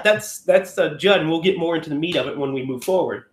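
Man, fairly high voice, casual film-talk co-host, loose and rambling, in a roomy echoey space. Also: quick pace, hardly any pauses, a little hiss or hum. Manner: rambling, self-correcting, often acts out lines. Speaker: podcast co-host.

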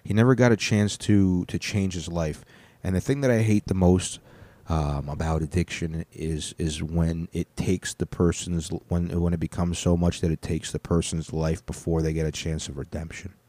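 A man's voice: deep voice, fairly even intonation, normal speed, mellow, dry recording. A man giving casual, profane commentary while reacting to online videos, blunt and swinging from somber to worked up.

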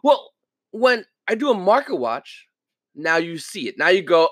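A man with a high, lively voice talks straight into the mic in a casual podcast monologue. He keeps it animated and slips into character when he quotes other people. The sound is dry and close. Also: a little slow, dry recording. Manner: animated, acts out quoted viewers. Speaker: podcast host.

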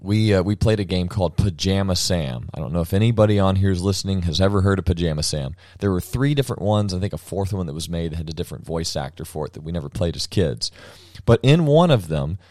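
A man's voice: low-pitched, expressive, fast, darkish tone, no echo, studio quality. A man hosting a casual podcast chat, rambling with many restarts and frequent laughter. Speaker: podcast host.

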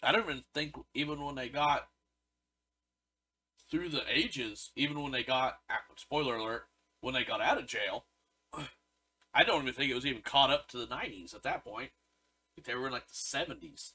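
Bright-voiced man reading out review scores. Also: medium pitch, normal speed, long pauses, husky, rough recording. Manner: reads out review scores, dry and matter-of-fact. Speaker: podcast co-host. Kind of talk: casual movie review chat.

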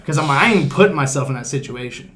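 A man's voice: mid-range voice, expressive, quick pace, fairly bright tone. A man hosting a podcast, telling rambling, profane stories in casual chat. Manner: acts out cops and others in quoted voices. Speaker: podcast host.

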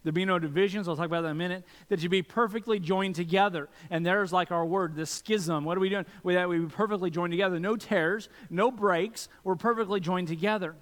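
A man's voice: high-pitched, brisk, hardly any pauses, a bit bright. A man preaching a sermon as pastor, earnest and asking many rhetorical questions. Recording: long reverb from a church hall.

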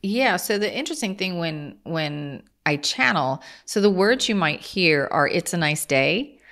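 Low-voiced woman, earnest. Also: expressive, measured pace, a bit bright. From Kansas, USA. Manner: earnest, explanatory, with small restarts. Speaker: guest, channeler. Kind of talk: casual interview talk.

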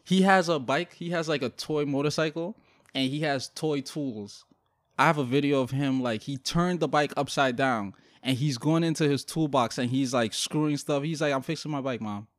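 A man chatting casually, telling relaxed family stories with frequent pauses and ums. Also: a little high, no room sound. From Guyanese family. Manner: laid-back storytelling with frequent ums. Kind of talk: casual chat.

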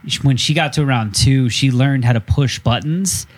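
Mid-pitched male guest in his thirties, candid and reflective, loose filler-heavy talk. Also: moderate pace. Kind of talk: casual chat.

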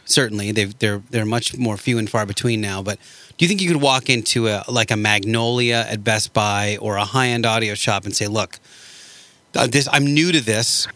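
A podcast host with a bright, forceful voice that keeps probing with follow-up questions. He speaks at a middling pitch in a loose, casual chat. The recording is dry and close, with no room echo. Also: a little fast. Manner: inquisitive, keeps asking follow-ups.

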